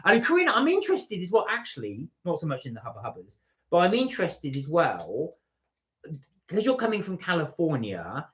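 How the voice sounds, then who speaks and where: A man hosts a casual live stream, reading viewer comments aloud in a chatty way. His pitch swings widely, rising and falling as he talks. The audio is dull and lo-fi. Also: huge pitch swings, brisk, fairly bright tone. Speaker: co-host reading the live chat.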